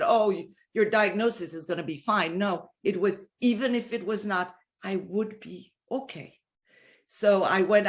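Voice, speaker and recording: A woman from the United States sharing a personal spiritual testimony in an earnest, emotional way, often restarting her sentences and dropping into soft, hushed passages. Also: medium pitch. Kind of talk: heartfelt personal testimony talk.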